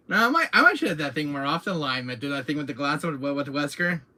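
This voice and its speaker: A man hosting his own channel, chatting casually to viewers in an excitable, rambling way, often laughing and repeating himself. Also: fairly high pitch, moderate pace. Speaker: channel host. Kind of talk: casual vlog chat to viewers. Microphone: camera mic, seated in chair.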